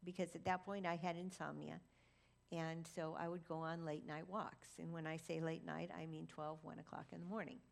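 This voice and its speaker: A woman preaches a sermon in a fairly low voice. She tells a personal story with dry, self-aware humor. Her delivery stays conversational and unhurried. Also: little pitch movement, creaky. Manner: recites Latin prayer.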